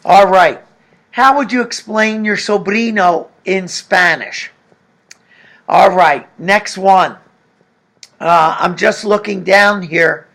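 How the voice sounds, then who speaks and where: Slow, gravelly high-voiced male teacher. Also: fairly bright tone. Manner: patient, explanatory, asks the class questions. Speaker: Spanish teacher. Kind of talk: recorded video lesson.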